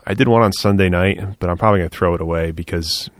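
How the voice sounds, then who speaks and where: A man's voice: deep voice, fast, slight background noise. A man co-hosting a podcast in casual chat, joking and teasing and swearing freely. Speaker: podcast co-host.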